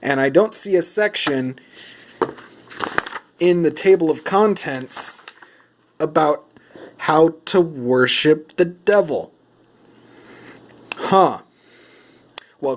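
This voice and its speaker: A man's voice: fairly high pitch, a little mellow. A man giving a mock-serious comedic vlog monologue while he leafs through rulebooks. He plays at outrage and puts questions to a silent companion. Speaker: vlogger.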